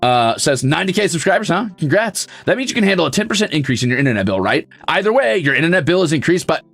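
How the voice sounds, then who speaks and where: Male streamer, sarcastic, mock-grumpy, lively voice, a bit high, dry sound. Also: fast talker, vocal fry, no room sound, soft background music. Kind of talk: casual chat reading donations.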